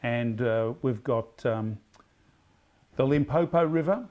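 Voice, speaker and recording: A man with an Australian accent hosting a casual pub quiz, reading questions slowly and emphatically, then rambling and correcting himself. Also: medium pitch, darkish tone, dull audio. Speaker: quiz host.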